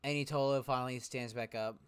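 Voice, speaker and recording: A man narrating a tabletop game as game master in a slow, relaxed way with pauses. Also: medium pitch, smooth.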